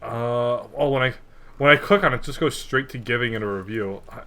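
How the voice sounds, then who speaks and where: A man's voice: mid-range voice, brisk, sharp tone. A man co-hosting a comedy podcast, chatting casually, laughing often and reading reviews aloud with mock seriousness. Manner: laughing, joking, reads reviews aloud mockingly. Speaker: podcast co-host.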